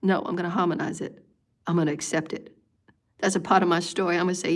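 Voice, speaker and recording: A woman's voice: fairly low pitch, level tone, fast talker. A woman hosting a live meditation and giving an intense spiritual talk. She repeats phrases in a pleading way and sometimes drops to a whisper.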